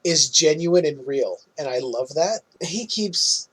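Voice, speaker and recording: A man hosting a podcast, casually recapping a film's plot in an animated way and laughing often. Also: a little high, breathy edge, poor audio. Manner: animated retelling, quick laughs. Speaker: podcast host.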